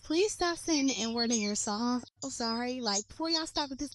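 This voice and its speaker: A woman's voice: high-pitched, moderate pace, hardly any pauses. A woman from the United States, a content creator, ranting bluntly and profanely to camera in a casual way. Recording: clicky noisy recording.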